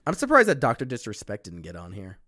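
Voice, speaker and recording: A man's voice: on the low side, huge pitch swings, fast talker, pushed and bright, dry recording, studio quality. Blunt, swearing young man. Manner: blunt, swears casually, reads lists aloud. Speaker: podcast co-host. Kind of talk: casual chat.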